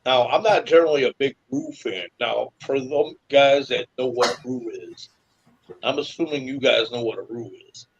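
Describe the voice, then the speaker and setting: A man's voice: medium pitch, moderate pace, lo-fi sound, slight background noise. A man co-hosting a casual podcast chat, telling a long, rambling story with lots of restarts. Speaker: podcast co-host.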